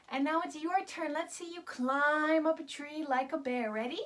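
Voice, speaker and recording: A woman's voice: high voice, moderate pace, hardly any pauses, fairly bright tone. A young woman leading a children's yoga lesson in an upbeat, sing-song way, coaxing small kids along.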